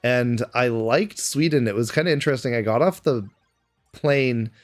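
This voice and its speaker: A man's voice: mid-range voice, normal speed, faint music behind. A man with a Canadian accent, chatting casually on a live stream and answering viewers' questions aloud. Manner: chatty, answers chat questions aloud between game moments.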